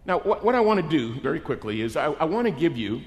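A middle-aged man delivering a sermon with a high, lively voice that swoops around as he acts out the people in his story. His voice rings out with the long reverb of a large hall. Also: fast. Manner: animated, acts out characters in the story. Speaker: preacher.

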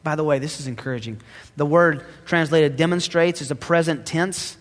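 A male pastor preaching a sermon, dramatic, swinging between loud emphasis and hushed asides. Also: on the high side, moderate pace, long reverb tail.

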